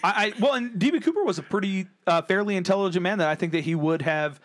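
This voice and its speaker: A young man in casual conversation who also narrates a tabletop adventure for friends. His delivery is easygoing and halting, full of "uh" pauses, and his voice sits a little above the usual male pitch. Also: expressive. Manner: easygoing, hesitant, many uhs. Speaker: game master.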